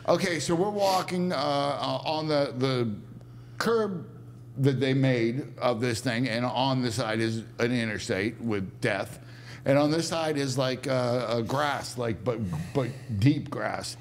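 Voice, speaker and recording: Slow and medium-pitched, this male podcast guest's voice comes with a slight hiss or hum in the recording. He meanders through laughing, casual anecdotes packed with fillers.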